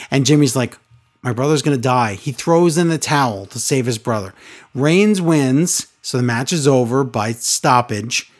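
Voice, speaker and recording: A man in casual chat, retelling events with lively, acted-out quotes. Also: mid-range voice. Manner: animated storytelling, quick acted-out quotes. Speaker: podcast co-host recapping wrestling.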